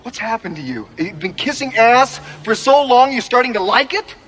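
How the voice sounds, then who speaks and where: Bitter proud musician, film scene, scornful and cutting, lively pitch. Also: male voice, normal speed, a little hiss or hum. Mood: contemptuous. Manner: contemptuous, cutting. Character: bitter man scolding his brother, proud musician.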